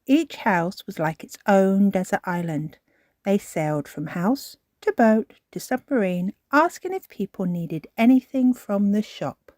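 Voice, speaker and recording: Woman reading a children's story slowly. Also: mid-range voice, no echo, clean studio sound. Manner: slow, expressive reading. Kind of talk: children's storybook read-aloud.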